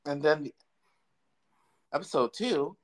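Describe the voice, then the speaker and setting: A man's voice: on the high side, animated, slow pace. A man co-hosting a casual recap podcast, laid-back, giving short replies and stumbling over names. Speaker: podcast co-host.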